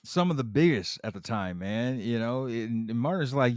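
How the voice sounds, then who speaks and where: A man co-hosting a podcast, chiming in with quick agreements and recapping scenes in a relaxed, playful way. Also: medium pitch, clean tone, dry recording. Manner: relaxed, short agreeing replies, playful asides. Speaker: podcast co-host. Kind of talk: casual recap chat.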